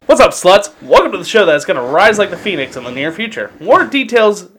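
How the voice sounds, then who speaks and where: Animated podcast host man, crude banter. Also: high voice, a little fast, faint music behind. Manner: crude, laughs often, animated.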